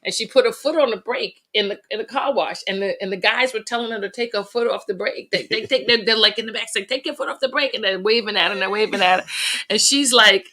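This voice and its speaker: A middle-aged woman, a podcast guest, telling lively family stories in a casual chat and laughing through the funny parts. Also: mid-range voice, quick pace.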